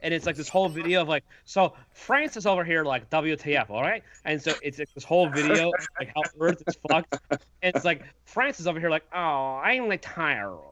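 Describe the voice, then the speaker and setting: A man's voice: on the high side, fast, crowd noise. A man co-hosting a podcast in casual chat, rambling and laughing a lot. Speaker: podcast co-host.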